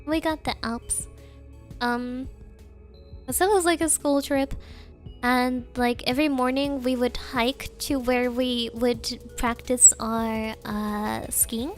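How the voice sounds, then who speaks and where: High-voiced, slow-talking woman streamer. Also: fairly even intonation, soft background music. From Germany. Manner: rambling, full of "like" and giggles. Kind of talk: casual chat.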